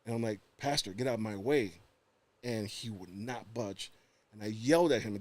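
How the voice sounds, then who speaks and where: In a casual podcast conversation, a male guest relates a story from his life, animated and mimicking each person's voice. He has a medium pitch and speaks at a normal speed.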